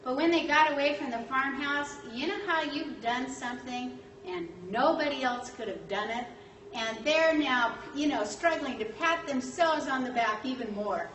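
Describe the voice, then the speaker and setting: A woman's voice: high-pitched, normal speed. Woman storyteller in an echoey room. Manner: lively retelling, acting out quotes, frequent fillers. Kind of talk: storytelling history talk. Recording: echoey room, distant mic, faint noise.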